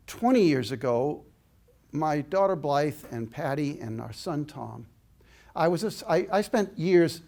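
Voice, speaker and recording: A man's voice: a little high, darkish tone. An older man giving an inspirational talk, telling a personal story in an earnest, reflective way. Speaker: inspirational speaker.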